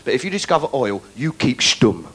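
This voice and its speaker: A man's voice: medium pitch, very animated, fairly quick, slight background noise, low-quality recording. A British man doing sardonic stand-up comedy as a mock tour guide. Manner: sardonic, jokey, puts on shouted voices for bits.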